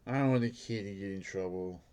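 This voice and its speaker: A man's voice: fairly low pitch, brisk, a little mellow, clear, resonant tone. A man who works as a bank security guard, telling a rambling story in a casual monologue, filled with "like" and laughing at himself.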